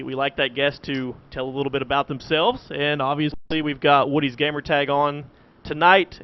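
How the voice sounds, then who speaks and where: A man's voice: fairly high pitch, clean tone. A man hosting a podcast, rambling and laughing often. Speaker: host. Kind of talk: casual podcast chat. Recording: dull lo-fi voice call audio.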